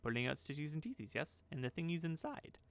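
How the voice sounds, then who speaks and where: A man's voice: fairly high pitch, very animated, quick pace, a bit bright, pitched above the performer's own voice. Man putting on Marta, a sour sing-song crone. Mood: muttering. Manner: sing-song muttering, talks to herself in third person. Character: sour, muttering old female corpse-picker.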